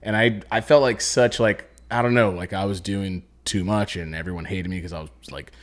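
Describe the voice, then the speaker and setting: A man's voice: low-pitched, normal speed. A man hosting a podcast, telling family stories in casual chat, swearing freely and acting out what people said. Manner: swearing, animated storytelling. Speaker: podcast host.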